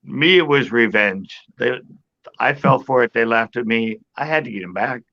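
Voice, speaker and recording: A man's voice: medium pitch, normal speed, vocal fry, muffled recording. A man chatting casually on a podcast panel, telling a story with lots of laughter and acted-out quotes. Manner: animated storyteller, acts out quoted voices, laughs a lot.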